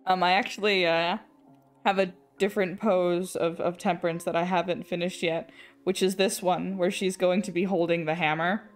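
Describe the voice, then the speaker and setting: A young woman with an English accent chats casually on an art stream while she draws, her voice fairly low and fairly even at a normal speed. She rambles, restarts sentences, laughs often and swears now and then, with faint music in the background.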